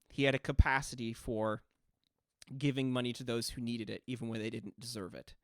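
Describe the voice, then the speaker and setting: A man running a tabletop game as game master, narrating scenes in a measured, descriptive way. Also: mid-range voice, fairly even intonation, dry recording, clean studio sound.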